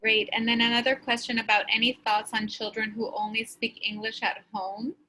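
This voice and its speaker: A woman moderating a webinar, reading out audience questions in an even, steady way. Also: fairly high pitch, brisk, poor audio.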